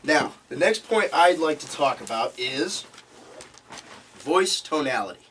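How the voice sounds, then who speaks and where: A man's voice: fairly high pitch, lively intonation, measured pace, a bit bright, a little hiss or hum. A man teaching a live seminar to a group, emphatic and repeating key points, recorded from a distance. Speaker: seminar instructor.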